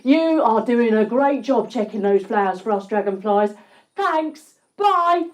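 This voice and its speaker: A woman's voice: on the high side, animated, unhurried. A woman doing a friendly, matey dragonfly. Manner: matey, appreciative.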